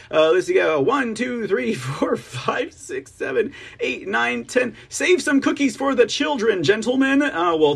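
A man's voice: on the high side, creaky, slightly rough. A man hosting a political livestream news show, chatting casually, laughing often and reading viewer comments aloud.

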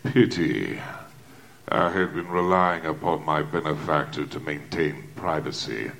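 A man playing a doctor's cold, eloquent male alter ego, speaking in a measured, aloof way with precise diction. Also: extremely low pitch, vocal fry, fairly bright tone, voice pushed down, full character voice. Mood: coolly aloof. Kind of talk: audio drama acting.

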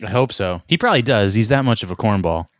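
A man's voice: on the low side, expressive, fast talker. A man on a podcast giving short wry reactions and reading out an article. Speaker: podcast co-host. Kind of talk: casual chat.

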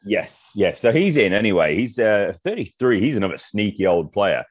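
Deep-voiced man, podcast co-host. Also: sing-song, normal speed, no room sound, clean studio sound. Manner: enthusiastic, chatty, reads through lists. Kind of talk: casual sports podcast chat.

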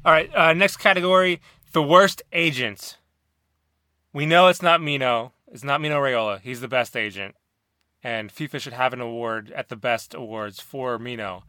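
Bright-voiced deadpan podcast host. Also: male voice, medium pitch, normal speed, dry recording. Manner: dry, deadpan quips. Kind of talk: casual chat.

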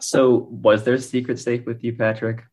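A man hosting a casual podcast panel, prompting the others with relaxed questions. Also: mid-range voice, moderate pace. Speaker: podcast host.

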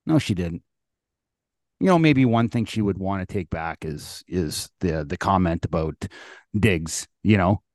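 A man's voice: low voice, expressive, measured pace, a little mellow, dry recording, studio quality. Blunt, profane man ranting on a podcast. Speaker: sports podcast co-host. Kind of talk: casual sports talk.

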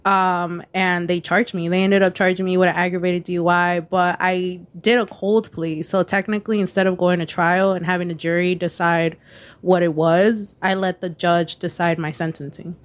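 A woman in her twenties appears as a podcast guest, telling a personal story candidly and casually. Her voice is lowish and flat at a moderate pace, and she swears freely, peppering her speech with "like" and "you know."

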